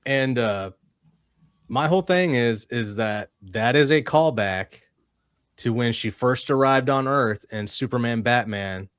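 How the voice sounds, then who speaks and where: A man's voice: medium pitch, unhurried, smooth, dry recording, studio quality. A man hosting a casual comic-book discussion who argues his points and teases his friends. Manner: argumentative, teasing. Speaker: podcast host.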